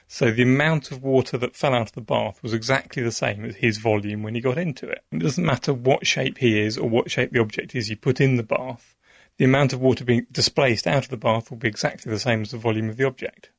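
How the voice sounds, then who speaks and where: A man's voice: mid-range voice, quick pace, gravelly, dry recording, studio quality. A man, a science expert guest, patiently explaining an experiment step by step.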